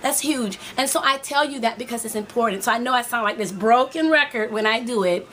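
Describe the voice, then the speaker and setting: A woman's voice: a little high, fairly quick, a bit bright, slight background noise. A woman life coach giving a preachy, motivational talk to women, speaking straight to her viewers and repeating her points.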